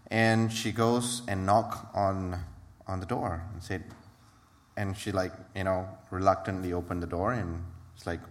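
A Malaysian man who works in ministry gives a church testimony in a reverberant church hall. His voice is lowish and his pace moderate, and he sounds hesitant, with many fillers and restarts.

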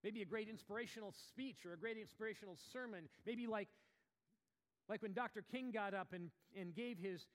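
A man preaching a sermon as pastor, talking conversationally with restarts and asides, then rising to emphatic, animated passages. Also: high voice, a little fast, in a large hall. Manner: animated, rises to emphatic bursts.

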